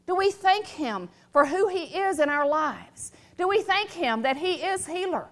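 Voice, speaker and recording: A woman's voice: very high voice, expressive, measured pace. A middle-aged woman preaching a sermon, emphatic and repetitive, calling on the congregation to respond.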